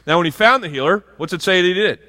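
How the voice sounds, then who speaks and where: A man's voice: high voice, very fast, sharp tone, long reverb tail. A male pastor preaching a sermon in a conversational way, with asides and frequent restarts. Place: church sanctuary.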